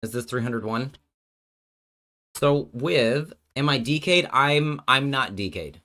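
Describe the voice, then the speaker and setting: A male streamer chatting into a desk mic as he works through card game plays. He jokes back and forth with his chat and thinks out loud, often dropping sentences halfway. His pitch sits in the ordinary middle range for a man. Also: slow. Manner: joking with chat, thinking aloud, trailing off mid-sentence. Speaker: streamer and host.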